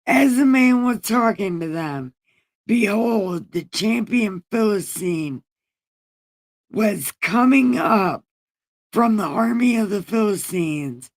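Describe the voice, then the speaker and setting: A woman reads the Bible aloud in a slow, unhurried drawl, breaking off into profane slang paraphrase. She chats to her livestream viewers between verses, loose and casual rather than reverent. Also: medium pitch, expressive. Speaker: livestream host reading scripture. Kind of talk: irreverent casual scripture reading.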